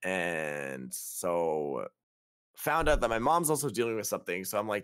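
A young man with a fairly low voice tells a travel horror story on a podcast. His pitch jumps around as he acts out the people in it, and his swearing shows his exasperation. The sound is dry and close. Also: lively intonation, brisk, a bit bright, no room sound. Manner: profane, exasperated retelling with quoted dialogue. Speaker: podcast host. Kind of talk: casual storytelling.

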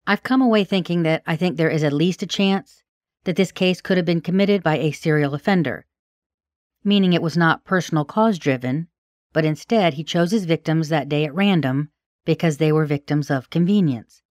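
A middle-aged woman hosting a podcast, reading a scripted true-crime narration in a measured, analytical way and giving her own opinions on the case. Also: low voice, a little mellow, no room sound, clean studio sound. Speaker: podcast host and case researcher.

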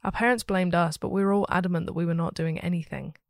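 A woman hosting a story podcast, reading a listener's ghost story aloud with steady, expressive storytelling. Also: lowish voice, quick pace, dry recording, studio quality.

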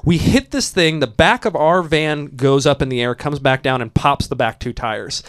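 A podcast host with a fairly high male voice tells a wild story at a normal speed in casual chat. He's an animated storyteller, swearing freely and laughing mid-sentence as he goes.

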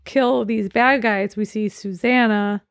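A woman's voice: medium pitch, steady tone, a little slow, no echo, clean studio sound. A woman in her forties co-hosting a casual movie podcast, chatty and recapping scenes. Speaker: podcast co-host. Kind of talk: casual chat about movies.

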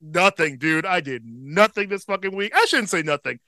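A man in his thirties co-hosting a casual podcast chat, relaxed and profane, with a slight tickle in his throat. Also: high voice, moderate pace, dry recording. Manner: laid-back, profane, chuckles often. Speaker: podcast co-host.

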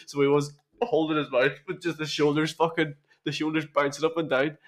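A man's voice: a little high, level tone, brisk. A man, co-hosting a podcast in casual chat, telling stories between bursts of laughter and plenty of swearing. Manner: swears freely, laughs often, storytelling. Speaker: podcast co-host.

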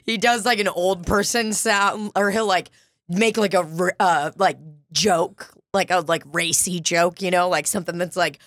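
A woman's voice: on the low side, fairly even intonation, normal speed, fairly bright tone, no echo. A woman co-hosting a comedy podcast, chatting casually, laughing often and swearing freely. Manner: giggly, swears freely, breaks into silly voices. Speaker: podcast co-host.

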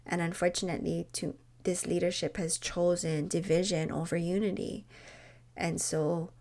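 A woman talks unscripted on her podcast, pleading and passionate. Her voice sits a little low with a gravelly fry. She presses hard on her points. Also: steady tone, moderate pace, darkish tone. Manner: passionate, pleading, rising to emphatic. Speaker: podcast host. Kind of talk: unscripted personal talk.

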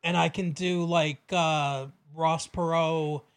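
A young man with a high voice co-hosts a podcast in loose casual chat. He rambles and restarts his sentences, and he laughs easily. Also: steady tone, slow pace, clean tone. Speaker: podcast co-host.

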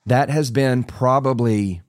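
A man's voice: medium pitch, slow, no echo, studio quality. A man in his forties preaching, telling his own testimony in an earnest, storytelling way with many restarts and asides. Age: 40s. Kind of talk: sermon testimony.

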